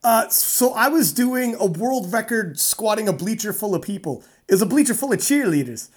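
A woman strongman athlete from North America, telling a story in a casual interview, animated and rambling with fillers. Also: fairly high pitch, normal speed, breathy edge.

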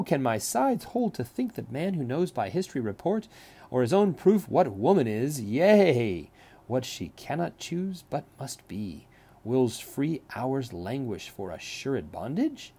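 Guy reading a sly italian seducer nobleman, slow careful verse, mellow dark voice. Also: mid-range voice, husky, heavily acted. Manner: reads verse aloud plainly, measured. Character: scheming smooth-talking Italian nobleman seducer.

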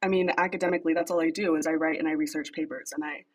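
A woman's voice: sits low, steady tone, racing, husky, low-quality recording. A young woman guest on a podcast, chatting casually and animatedly about her writing, laughing often and acting out lines. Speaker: podcast guest, fanfic writer.

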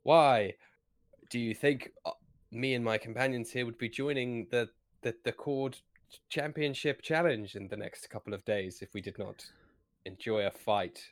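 A man's voice: medium pitch, normal speed, close to an everyday voice. A man voicing a pompous male scholar who poses as a warrior, speaking in a puffed-up, formal, theatrical way. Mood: strained.

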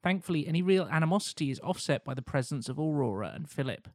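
A man co-hosting a podcast, reading out a story pitch in a steady, measured way. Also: no room sound, clean studio sound. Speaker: podcast co-host. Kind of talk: reading a plot pitch aloud, casual chat.

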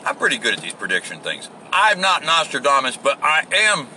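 A man's voice: medium pitch, wildly swooping pitch, brisk, pushed and bright, a little hiss or hum. A man hosting a podcast, ranting off the cuff outdoors in a crude, sarcastic way and swearing constantly. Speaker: podcast host. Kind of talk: profane off-the-cuff rant.

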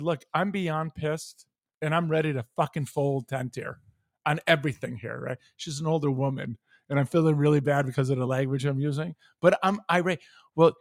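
A man's voice: fairly high pitch, no room sound, clean studio sound. A man from the United States telling a heated, profane story on a podcast, acting out both sides of a phone call. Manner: animated, profane, acts out phone calls. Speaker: podcast co-host. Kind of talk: casual storytelling rant.

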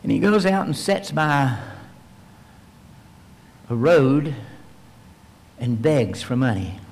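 A male pastor preaches a sermon and leads a prayer in a medium-pitched voice with vocal fry. He retells a story vividly, acting out the voices of its characters, and the recording carries the long reverb of a large hall.

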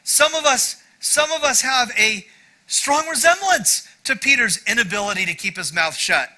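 A man's voice: very high voice, lively intonation, normal speed, pushed and bright, poor audio. A middle-aged male pastor giving a sermon in a conversational, self-deprecating way, with frequent asides to the congregation.

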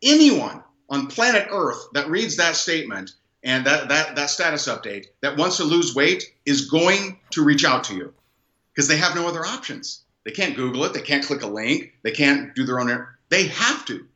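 A man telling a personal story as an interview guest, animated and rambling, with many fillers and restarts. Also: fairly high pitch, moderate pace. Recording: dull, echoey room sound.

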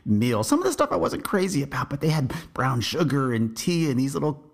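A man's voice: medium pitch, big pitch swings, brisk, gravelly. A man from Texas, an army veteran hosting a podcast, telling his service memories in a reflective, meandering way with frequent restarts. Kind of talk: storytelling memoir.

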